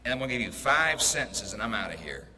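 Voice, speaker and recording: A man's voice: fairly low pitch, very animated, fast talker, bright, forceful tone, a little hiss or hum. A man giving a graduation ceremony address in an emphatic, preacher-like cadence and telling a story, speaking into a podium mic over a PA in a large hall. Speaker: commencement speaker. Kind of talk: preachy ceremony speech with a joke.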